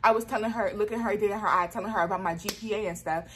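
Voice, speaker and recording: A woman telling a story in a casual vlog, animated, full of "like" fillers, her voice jumping up into high squeals as she exclaims. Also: very fast, a little hiss or hum. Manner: frequent "like" fillers.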